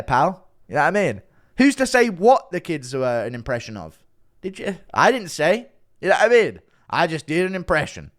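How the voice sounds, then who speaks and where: A man's voice: sits high, fairly bright tone. A man ranting casually as an online commentator, defensive and sarcastic, swearing often. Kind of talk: casual rant to camera.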